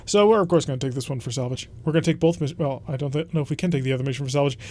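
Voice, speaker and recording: Chatty high-voiced game commentator. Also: male voice, racing, darkish tone. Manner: chatty, rambling, self-correcting. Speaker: let's play host.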